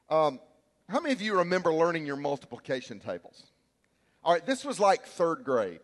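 Animated pastor preaching in an echoing hall. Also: male voice, a little high, normal speed. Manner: animated, storytelling, acts out shouts and quotes. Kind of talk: sermon. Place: church sanctuary.

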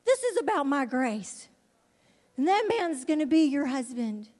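A woman from Alabama telling a lively testimony as a missionary, laughing often and acting out the people she quotes. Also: high-pitched, measured pace. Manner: animated, laughs often, acts out quoted voices. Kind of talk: storytelling testimony to an audience. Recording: long hall reverb.

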